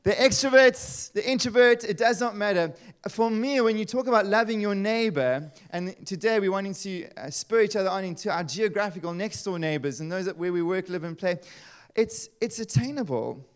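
A man, preaching a sermon in a lively, conversational way with asides and rhetorical questions. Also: high voice, a little fast, smooth. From South Africa. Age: 30s. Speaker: pastor.

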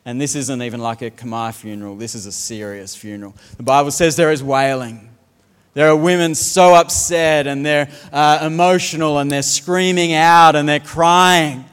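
A man's voice: fairly high pitch, steady tone, normal speed, fairly bright tone, clean tone, long reverb tail. A man preaching a sermon as a pastor, telling funny stories and mimicking the way others speak. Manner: humorous storytelling, mimics accents.

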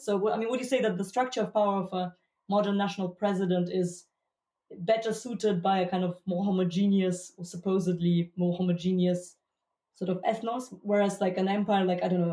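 Questioner, thinking aloud, hedging, roomy echo, dark voice. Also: mid-range voice. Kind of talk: academic discussion question.

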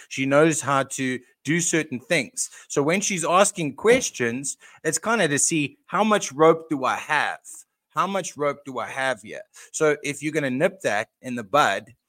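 A blunt man talking on a podcast as a guest, at an ordinary pitch. His recording is dry and close, with no room sound, and he restarts his words often. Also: a bit bright, no room sound. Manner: blunt, repeats words as he talks. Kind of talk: casual podcast chat.

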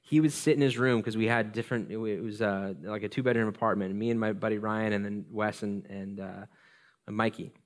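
A man's voice: fairly low pitch, a little fast. Casual, storytelling male pastor. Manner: conversational, self-deprecating, animated storytelling. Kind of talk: sermon.

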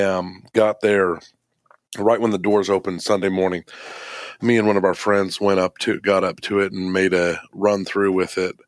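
A man's voice: fairly low pitch, dry recording. A man co-hosting a podcast, talking enthusiastically in casual chat, with many fillers and restarts. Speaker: podcast co-host.

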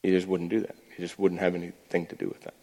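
A man with a lowish voice speaks to a breakfast gathering as their pastor, telling stories in a loose way and often starting over mid-phrase. His voice rings out with a long reverb, as if heard in a large hall. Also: completely flat delivery, fast, dark tone. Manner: storytelling, restarts and repeats words. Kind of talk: sermon-style talk.

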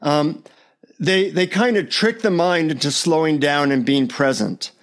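A man speaks as a podcast guest over a remote call. His voice is fairly high for a man. He tells anecdotes in an animated way and often chuckles. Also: unhurried. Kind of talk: casual storytelling interview.

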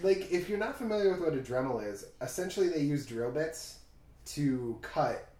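A man's voice: fairly high pitch, expressive, moderate pace, a little mellow. A man co-hosting a podcast, chatting casually and recapping a TV episode in a rambling way full of "like". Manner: rambling, filler-heavy, full of "like". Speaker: podcast co-host. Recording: echoey room.

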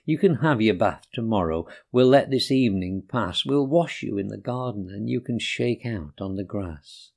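A man voicing a woman dog owner who scolds but clearly loves her pet. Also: lowish voice, wildly swooping pitch, measured pace, hardly any pauses, mellow, heavily acted. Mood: scolding. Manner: fussing, mock-stern.

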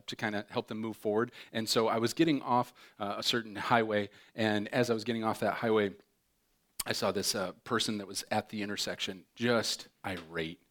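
Animated pastor telling jokey stories. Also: male voice, fairly low pitch. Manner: animated, jokey, acts out voices in his stories. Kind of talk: sermon with comic storytelling.

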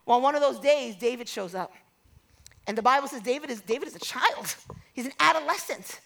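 A woman preaching to her church in a high voice with a gravelly edge. She tells stories and acts out the voices of the people in them. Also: expressive, a little fast, fairly bright tone. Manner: storytelling, acts out quoted voices, builds to exhortation. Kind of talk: sermon.

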